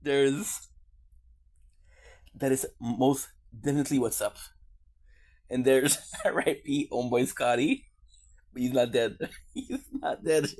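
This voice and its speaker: A man's voice: mid-range voice, animated, slow, long pauses, darkish tone. A man from Quebec, Canada, in a casual streamer monologue, rambling on goofy side tangents with swearing and jokes.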